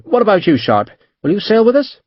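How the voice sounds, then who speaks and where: A man voicing a brisk, eager naval captain with a Devon accent in an audiobook, urgent and commanding. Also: sits high, wildly swooping pitch, no echo, dull audio, voice pushed up, exaggerated voice. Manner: urgent, commanding, brushes others aside. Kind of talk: audiobook character voice.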